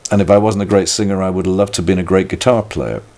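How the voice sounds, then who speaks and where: An older British musician's low, steady, slightly mellow voice moves fast in this reflective conversational interview. He's thoughtful and wry, gently mocking himself and often beginning sentences anew.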